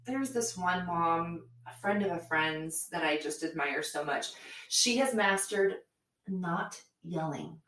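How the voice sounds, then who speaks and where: Candid woman guest, lower voice. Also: unhurried, fairly bright tone, echoey room, rough recording. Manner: candid, self-deprecating. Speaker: podcast guest. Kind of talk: casual chat.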